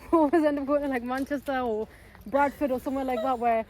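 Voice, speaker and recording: A woman's voice: sits high, fairly even intonation, a little fast, background noise. A young woman, chatting casually while vlogging outdoors at a busy lakeside village. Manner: chatty, giggly, switching into Hindi-Urdu. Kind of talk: casual travel vlog chat.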